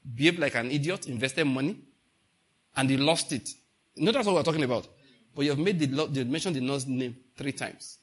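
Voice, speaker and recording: Nigerian pastor guy preaching, bit high voice, hammers points over and over, gets loud. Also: slightly rough. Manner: emphatic, repeats lines, rises to loud bursts. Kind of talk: sermon.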